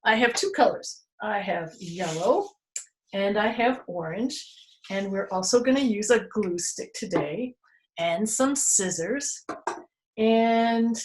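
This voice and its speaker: A woman leading a children's storytime and then a craft at her table. She talks in an unhurried, playful way, drops to hushed whispers for suspense, and gives kids gentle step-by-step directions. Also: medium pitch, expressive. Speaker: children's museum storytime presenter. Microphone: camera she moves herself.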